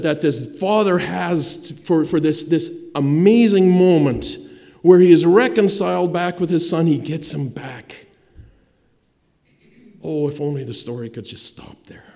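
A man preaching a sermon, telling the story dramatically and swinging between loud emphasis and hushed, quiet lines. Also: on the high side. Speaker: pastor. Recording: long hall reverb.

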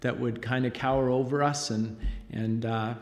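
A middle-aged father giving an emotional church testimony, halting and choked up, with frequent pauses and fillers. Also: mid-range voice, fairly even intonation, a little mellow. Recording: long reverb of a large hall.

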